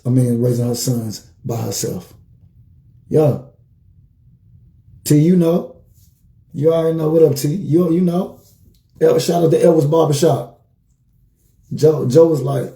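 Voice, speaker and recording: A man acting as a life coach gives a motivational livestream talk, telling stories with animated energy and repeating phrases for emphasis. His voice is fairly high in pitch, and the room sounds echoey.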